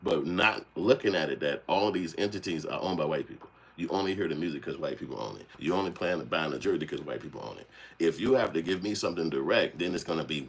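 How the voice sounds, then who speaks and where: A man hosting a casual livestream, talking with animated, profane energy and acting out the voices he quotes. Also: on the low side, slightly rough. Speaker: channel host.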